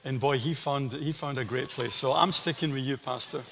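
A man's voice: medium pitch, normal speed, creaky, slight background noise. An older man with a Scottish accent, a guest pastor telling stories and preaching to a congregation in a large church. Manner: warm storytelling with asides to the congregation. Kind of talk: sermon. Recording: church hall reverb.

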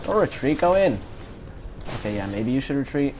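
A man giving live commentary on his own gameplay, excitable, swearing often and repeating phrases in quick bursts. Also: medium pitch, loud music behind the voice. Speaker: gamer. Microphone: home setup without face cam.

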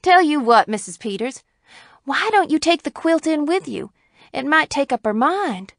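A woman reading the part of an earnest farm neighbor woman in a story, in a gentle voice. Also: a little high, animated, moderate pace, gravelly, no echo, clean studio sound. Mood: hopeful. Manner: gentle, then urgent.

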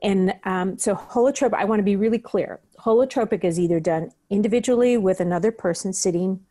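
Woman guest, breathwork teacher, earnest conversational delivery with a warm, dark tone. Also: mid-range voice, fairly quick. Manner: earnest, acts out her own inner questions. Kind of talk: conversational interview.

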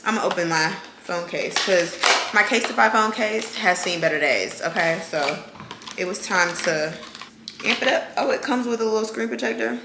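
A woman's voice: medium pitch, normal speed, background noise. A young woman, chatting casually to her viewers in a home vlog. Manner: chatty, talks to viewers as y'all. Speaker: vlogger. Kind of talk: casual vlog chat to camera. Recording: echoey room with kitchen clatter.

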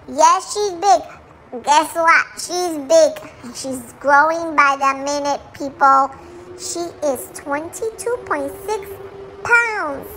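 A woman voicing a tiny jealous chihuahua, very high and bright, dramatic, chatty, English and Spanish mixed, faint hiss behind. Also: full character voice. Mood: indignant. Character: sassy little female chihuahua dog, jealous and dramatic.

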